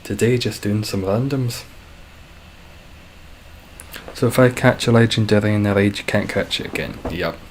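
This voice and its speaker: A man chatting casually and dryly while live-streaming a game, describing his own voice as monotone. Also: lowish voice, a little fast, a little hiss or hum. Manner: dry, self-deprecating, calls his voice monotone.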